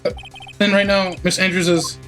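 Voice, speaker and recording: A man's voice: high voice, flat delivery, normal speed, fairly bright tone, soft background music. A man reading as a flustered young lawyer. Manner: flustered, questioning. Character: anxious young male defense attorney. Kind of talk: game dialogue read aloud.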